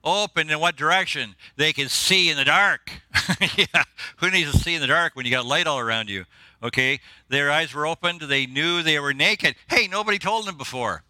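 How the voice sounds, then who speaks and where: A man preaching to a church congregation with an excitable, jokey energy, chuckling at his own quips. His voice is very bright and sits a little high for a man. The sound is close and dry. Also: normal speed, dry recording. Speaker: guest preacher. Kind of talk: sermon.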